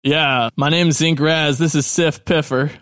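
A man's voice: fairly high pitch, steady tone, measured pace, a bit bright, clean tone. A man voicing a laid-back punk teenage drow boy who drawls in slacker slang.

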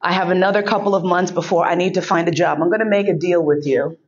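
A woman's voice: lowish voice, fairly even intonation, quick pace, slightly rough. Woman giving a candid, wry speech. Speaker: keynote speaker and podcast host. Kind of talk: recorded keynote speech. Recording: dull lo-fi recording.

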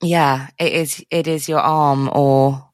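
A woman with a gravelly voice, co-hosting a podcast in relaxed, casual chat. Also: sits low, slow pace, no room sound, clean studio sound. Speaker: podcast co-host.

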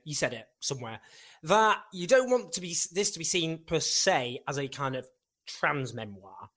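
A man's voice: fairly high pitch, sharp tone. A man hosting a podcast in casual chat. He rambles, corrects himself often and jokes around. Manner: rambling and self-correcting, jokey. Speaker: podcast host.

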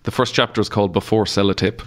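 A man's voice: on the low side, fairly even intonation, fast. A man with an Irish accent, a comedian guest chatting casually on a podcast and telling stories with laughs and swearing. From Ireland.

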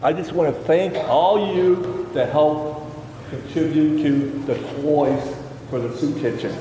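A man's voice: on the high side, takes it slowly, mellow, slight background noise. A man from the congregation giving plain, heartfelt thanks. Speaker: congregation member. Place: church sanctuary. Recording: echoey church picked up from far off.

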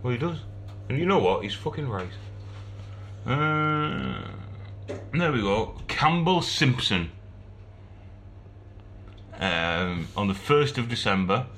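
A man's voice: medium pitch, very animated, slow, pauses often, fairly bright tone, slight background noise. A man co-hosting a podcast, chatting cheekily, laughing and swearing casually. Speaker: podcast co-host. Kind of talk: casual chat.

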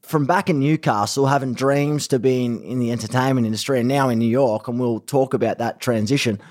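Chatty Australian podcast host. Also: male voice, mid-range voice, brisk. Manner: energetic, chatty, slang-heavy. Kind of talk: casual podcast interview. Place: Los Angeles.

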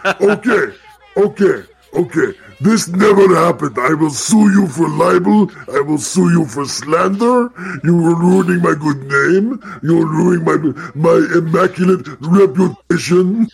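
A gravelly, raspy-edged voice of a proud, touchy man, as a man puts him on for a comedy bit, blustering about his good name. It sits a touch high and scrapes with fry, and every claim comes out indignant and wounded. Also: expressive, measured pace, heavily acted. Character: touchy vain man threatening to sue.

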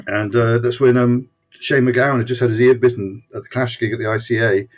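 The lo-fi audio catches a Scottish man in his sixties, a one-time punk fanzine editor, being interviewed by video call. Brisk and steady in a mid-range voice, he rambles in a relaxed way and keeps restarting his sentences.

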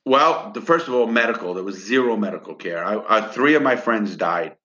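A man's voice: fairly low pitch, animated, a little fast, sharp tone, highs cut off. A middle-aged man, a former prisoner, telling a heated story of his time inside in blunt, profane words. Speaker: interview guest, former prisoner. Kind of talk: emotional storytelling interview.

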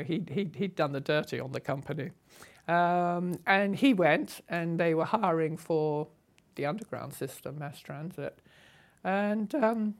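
An older woman telling her life story in an unscripted, assertive and brisk way. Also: low voice. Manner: brisk, assertive, animated retelling with laughs. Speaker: storyteller recalling her past. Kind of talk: unscripted spoken memoir.

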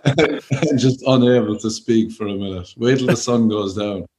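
A man with an Irish Cork accent, a stand-up comedian in casual podcast chat, telling stories in a calm, laid-back, slightly mumbled way. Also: mid-range voice, moderate pace. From Ireland.

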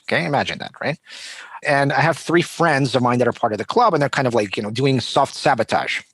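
A man in his forties, originally from Russia, tells stories as an interview guest with a reflective, humorous way of talking, often restarting his sentences. His voice sits at a middle pitch and sounds close and dry, with no room echo. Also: fairly quick, fairly bright tone, breathy edge. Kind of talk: casual interview conversation.

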